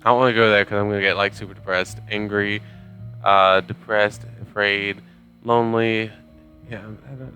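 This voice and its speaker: A man's voice: fairly low pitch, sharp tone. A man casually commenting on a game as he plays, joking and rambling in self-deprecating asides. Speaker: gamer reading game text aloud. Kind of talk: casual let's play commentary.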